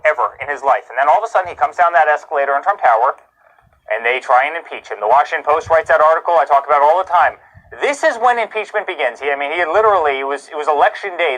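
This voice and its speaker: A man's voice: a little high, a bit bright, poor audio. A man giving a live TV news interview as a guest, talking in a heated, indignant way and hammering points home with repetition.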